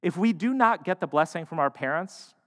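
A man preaching a sermon, shifting between loud emphatic lines and hushed, quiet ones. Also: sits high, lively intonation, a little fast. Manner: dynamic, swings from loud to hushed. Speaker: pastor. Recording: long hall reverb.

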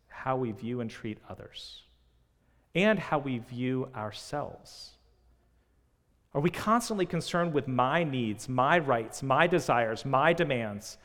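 Earnest male preacher, mid-range voice, dynamic delivery, recorded in an echoing hall. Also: mid-range voice. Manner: earnest, rhetorical questions, dynamic swings in loudness. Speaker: pastor. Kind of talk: sermon. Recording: long reverb of a large hall.

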